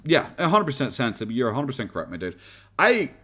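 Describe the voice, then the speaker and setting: A man's voice: mid-range voice, very animated, brisk, pushed and bright. Chatty Irish man streaming. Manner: rambling, laughing, swearing casually. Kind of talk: casual live stream chat reading comments.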